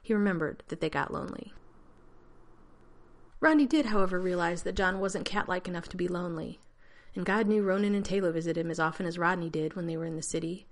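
A woman reading a story aloud in a steady, measured narration. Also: on the low side. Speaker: audiobook reader.

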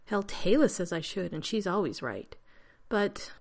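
A woman's voice: medium pitch, animated, creaky. A woman reading a story aloud, voicing a sarcastic, flustered male scientist who snaps and complains. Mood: grieving. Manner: snappish, rapid complaints.

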